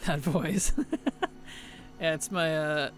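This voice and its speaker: A man's voice: a little high, slow pace, faint music behind. Offhand, mumbling male game streamer. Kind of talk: casual gaming chat.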